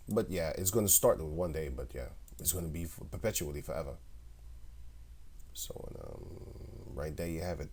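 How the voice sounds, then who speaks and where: Deep-voiced man preaching from scripture. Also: mellow. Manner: reads verses then comments, with frequent chuckles. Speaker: online preacher.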